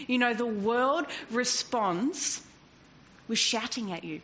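A woman preacher delivering a sermon, animated and expressive, dropping to a hush and rising again, with a slightly high voice. The recording is dull and lo-fi, with a faint hiss underneath. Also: slow pace. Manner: animated, swinging from loud to hushed, laughs often.

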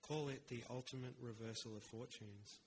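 A man preaching a sermon in an earnest, measured way, with rhetorical pauses. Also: medium pitch, fairly even intonation, a little hiss or hum, poor audio.

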